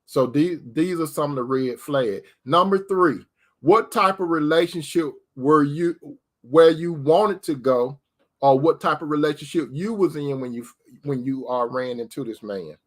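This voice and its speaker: A man's voice: fairly high pitch, a little slow. A man giving preacher-style relationship advice, asking rhetorical questions and calling listeners sister. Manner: addresses listeners as sister, repeats key phrases.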